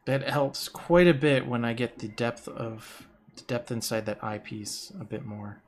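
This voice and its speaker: A man's voice: medium pitch, fairly even intonation, unhurried, slight background noise. A young man chatting casually while he draws on a stream, joking and picking at his own artwork. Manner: joking, self-critical about his art. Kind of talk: casual chat while drawing.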